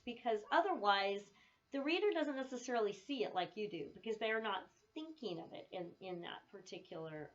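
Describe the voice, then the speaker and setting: A woman's voice: mid-range voice, lo-fi sound. A woman English teacher giving a casual video lecture. She often checks in with "right?" and laughs easily as she tells stories.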